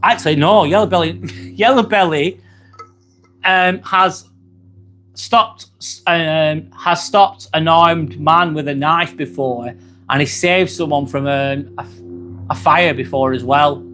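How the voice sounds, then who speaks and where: An Englishman hosts a laid-back live stream from his phone, voice sitting a little high for a man. He rambles comfortably, filling pauses with ums. He reads out viewer messages and answers them with the odd casual curse. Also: soft background music. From England. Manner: chatty and relaxed, with frequent ums and casual swearing.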